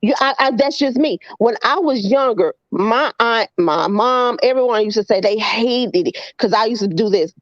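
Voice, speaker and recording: A woman's voice: a little high, lively intonation, normal speed, dry recording. A woman co-hosting a casual vlog chat, earnest and questioning, with some profanity. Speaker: vlog co-host. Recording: slightly dull sound.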